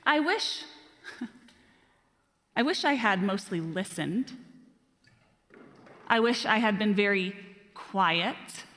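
A woman's voice: mid-range voice, very slow, long pauses. Woman preacher in a reverberant hall. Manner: self-deprecating storytelling, animated. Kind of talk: sermon.

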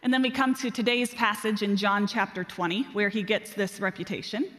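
A woman preaching a sermon, telling self-deprecating stories in an animated way. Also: medium pitch, brisk. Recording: reverberant hall.

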